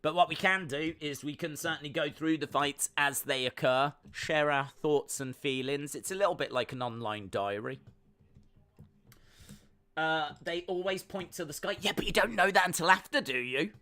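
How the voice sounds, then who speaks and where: A man's voice: a little high, moderate pace, pushed and bright. A man hosting a fight-night watch-along stream, chatting casually, reading chat messages and making jokey asides.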